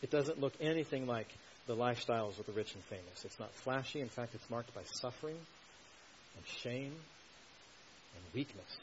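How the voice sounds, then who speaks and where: A man's voice: medium pitch, moderate pace. Earnest male preacher, slightly muffled. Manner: earnest, explanatory, builds emphasis on key points. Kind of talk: expository sermon. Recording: slightly dull recording with faint hiss.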